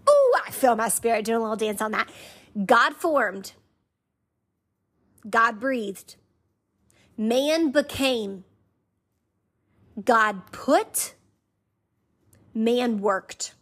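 High-voiced woman preaching with emphatic repetition. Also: big pitch swings, drawn-out words, pauses often, a bit bright. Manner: emphatic, repeats phrases rhythmically; conversational, leads listeners to say lines back. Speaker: podcast host. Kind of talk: faith podcast teaching.

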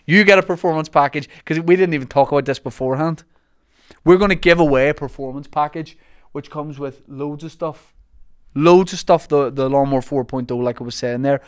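A man's voice: fairly high pitch, steady tone, smooth, no echo, clean studio sound. A man hosting a podcast, joking and teasing in casual banter. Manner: jokey, teasing, quick asides. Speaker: podcast host.

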